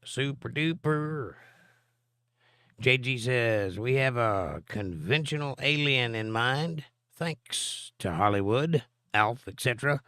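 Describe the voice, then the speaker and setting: A man's voice: mid-range voice, expressive, takes it slowly, sharp tone, smooth, no room sound, studio quality. A middle-aged man, hosting a live stream and reading viewer comments aloud with a joking, chatty manner. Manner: joking, chatty, answers chat directly.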